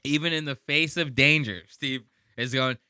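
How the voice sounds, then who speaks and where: A man's voice: medium pitch, normal speed, sharp tone, smooth, no echo, clean studio sound. A man hosting a podcast, ranting and mocking in profane, casual commentary on a clip he plays. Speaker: podcast host.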